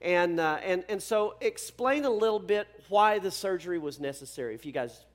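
High-voiced man, hesitant intro. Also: animated, moderate pace. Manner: hesitant, filler-heavy. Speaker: speaker introducing the testimony. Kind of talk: casual introduction.

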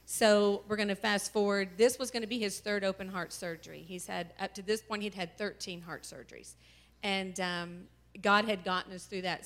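A woman telling her family's story as a church testimony, tearful and halting, with many pauses and fillers. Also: mid-range voice, a bit bright. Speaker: mother sharing a testimony. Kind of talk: emotional personal testimony. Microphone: handheld microphone.

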